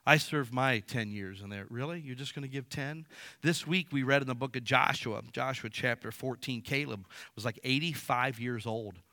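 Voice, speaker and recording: A man in his fifties preaching a sermon in a casual, animated storytelling way, acting out quotes. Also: mid-range voice, normal speed, no room sound. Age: 50s. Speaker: pastor. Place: church sanctuary.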